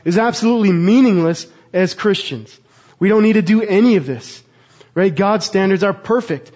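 A man's voice: sits high, normal speed, darkish tone. A man in his thirties, a pastor preaching a sermon with earnest, rhetorical questions. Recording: slightly dull, muffled sound.

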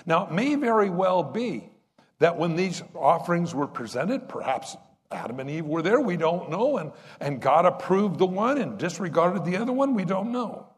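A man's voice: sits high, sing-song, normal speed, long reverb tail. A man preaching a sermon in a conversational way, asking the congregation rhetorical questions. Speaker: pastor.

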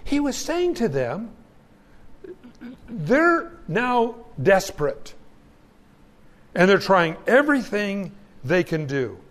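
A male pastor with a high voice preaches a sermon, reading scripture aloud and addressing the congregation as friends in an emphatic, folksy manner.

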